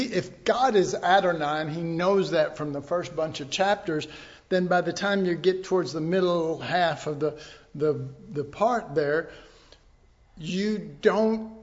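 A man delivering a sermon at an unhurried pace, his voice sitting a little high for a man. He teaches conversationally, tossing in asides and rhetorical questions to the congregation. The recording sounds somewhat dull and lo-fi. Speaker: pastor.

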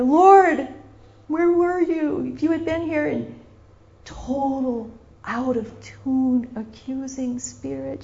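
A woman preacher delivers an impassioned sermon, repeating her phrases and acting out scenes along the way. Her voice is a little high and darkish with vocal fry, captured in a dull lo-fi recording.

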